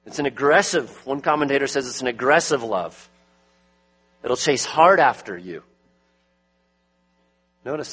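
A man's voice: mid-range voice, expressive, unhurried, pauses often, fairly bright tone, slightly rough. A man preaching a sermon as pastor, emphatic, his voice rising when he presses a point home.

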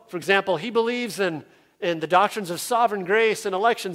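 A man preaching an expository sermon as a pastor, earnest, dropping low and quiet for scripture and rising when he voices objectors. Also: a little fast.

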